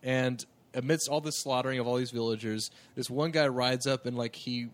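A man co-hosting a casual movie podcast, calmly moving the talk from topic to topic. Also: medium pitch, normal speed. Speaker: podcast co-host. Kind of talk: casual movie-review chat.

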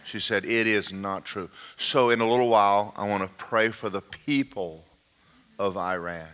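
A man's voice: mid-range voice, sharp tone. An older man, a pastor giving a folksy, rambling informal sermon talk. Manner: folksy and rambling, often restarting.

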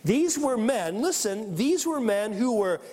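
A man preaching a sermon and reading scripture aloud, animated, acting out the people in the story. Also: high voice, measured pace. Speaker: pastor. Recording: long hall reverb.

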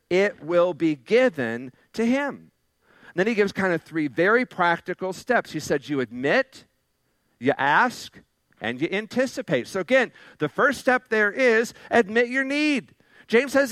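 Brief: male pastor, high voice, loose conversational sermon, fillers and restarts, dry close mic. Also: fairly bright tone, no echo. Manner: slows to stress key phrases.

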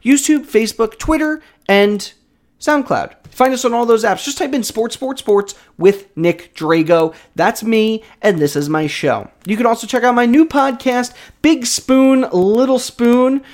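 A young man hosting a casual solo sports podcast. He is hyped and joking, swings a lot in pitch and loudness, and keeps throwing in self-mocking asides. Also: a little slow.

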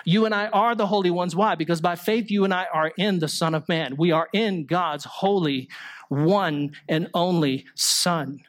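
A preacher asking rhetorical questions. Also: male voice, sits high, moderate pace, a bit bright. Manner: explanatory preaching with rhetorical questions and small jokes. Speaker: pastor. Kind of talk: sermon.

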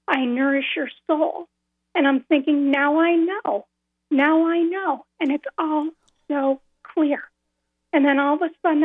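High-voiced woman on a tinny phone line. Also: no room sound. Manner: earnest, repeats phrases, slow and careful at key moments. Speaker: caller. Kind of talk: telling a personal story on a call-in radio show.

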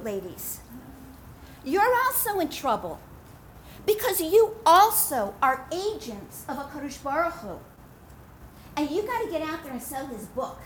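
Woman lecturer, high-pitched, lively storytelling style with emphatic repeats, faint background noise. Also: a little slow, a faint crowd. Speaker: speaker addressing women. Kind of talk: religious storytelling talk.

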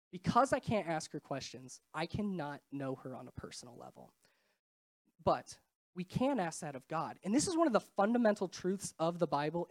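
Young woman preacher, nasal and stuffed up from a cold, lively pitch, casual chatty delivery. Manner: chatty, self-deprecating, quick asides. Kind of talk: casual sermon.

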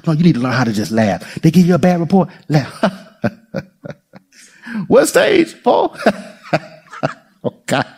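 A man preaching a sermon as pastor, playful and lively, laughing often and talking straight to the congregation. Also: fairly high pitch, unhurried, vocal fry, pauses often, husky.

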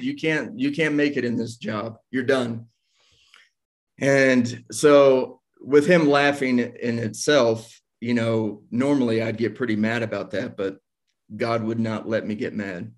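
A man in a relaxed spoken testimony, recounting his past with easy humor. His voice sits in an ordinary middle pitch, and he chuckles at his own misfortunes as he goes. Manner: casual, self-deprecating, laughs while telling. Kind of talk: personal storytelling, testimony.

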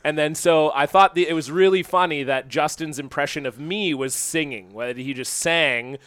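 A man's voice: on the high side, normal speed, fairly bright tone, clean tone, dry recording. Rambling sarcastic Canadian podcast guy. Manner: rambling, sarcastic, restarts often. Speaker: podcast co-host. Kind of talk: casual chat.

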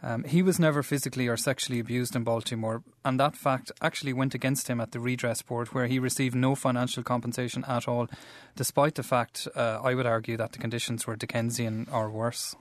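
Irish male reporter, mid pitch, dry studio sound, measured and explanatory. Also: steady tone, no echo. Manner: measured, explanatory, loose with fillers. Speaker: radio reporter. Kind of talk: radio report and studio discussion.

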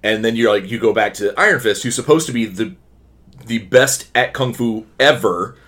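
A man co-hosting a casual podcast chat, opinionated and animated, with frequent restarts. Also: lowish voice, normal speed.

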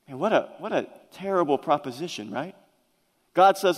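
A man's voice: high voice, expressive, normal speed. A man preaching a sermon to his congregation, earnest and emphatic, often stumbling and restarting his words. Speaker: pastor. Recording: long reverb of a large hall.

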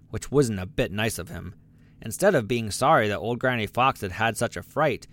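Man reading a storybook aloud. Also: on the low side. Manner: lively, expressive reading with character voices. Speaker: audiobook narrator. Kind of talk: scripted storybook narration.

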